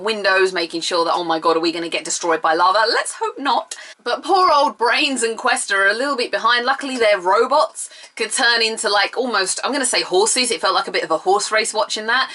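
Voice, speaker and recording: A young woman chatting through a TV episode review, animated and sarcastic, with bursts of mock outrage. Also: medium pitch, brisk, hardly any pauses. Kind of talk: casual video review.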